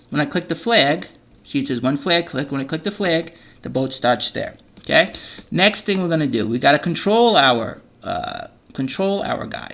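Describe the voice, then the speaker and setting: Gravelly-voiced man teaching kids to code. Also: a little high, a bit bright. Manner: patient step-by-step explaining, frequent "okay?" checks. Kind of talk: screen-recorded coding lesson for children.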